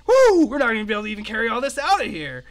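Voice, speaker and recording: A man's voice: very high voice, wildly swooping pitch, racing, pitched above the performer's own voice, full character voice. Ispin, a man voicing a whooping scrawny adventurer. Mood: grandiose. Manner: whooping, gleeful, grandiose. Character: scrawny exuberant male adventurer leader, boastful.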